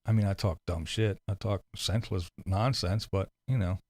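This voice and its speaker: A man's voice: deep voice, steady tone, moderate pace, a little mellow, dry recording. A man hosting a casual livestream, reading comments and answering with rambling, sarcastic asides, speaking close into a desk mic. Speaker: livestream host. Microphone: close desk mic with headphones.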